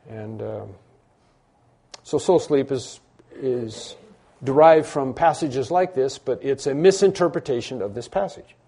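A man's voice: mid-range voice, warm tone. A man preaching a sermon to a congregation, emphatic and repetitive, acting out imagined dialogue. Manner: emphatic, repeats key phrases, acts out imagined dialogue. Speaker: pastor. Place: church room with congregation.

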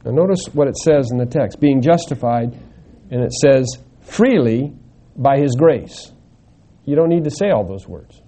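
A man preaching an expository sermon, teaching slowly and emphatically and answering his own rhetorical questions. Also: medium pitch, lively intonation, warm tone.

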